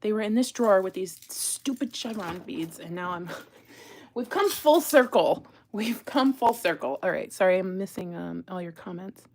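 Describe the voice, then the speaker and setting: A woman's voice: on the low side, normal speed, hardly any pauses. Chatty woman streaming her beading session. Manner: chatty, rambling, exasperated asides to viewers. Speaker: jewelry-making livestream host. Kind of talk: casual live crafting chat.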